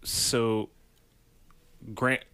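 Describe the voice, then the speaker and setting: A man's voice: extremely slow, bright, forceful tone, no echo. A man co-hosting a casual podcast, rambling, restarting, and swearing freely. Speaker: podcast co-host.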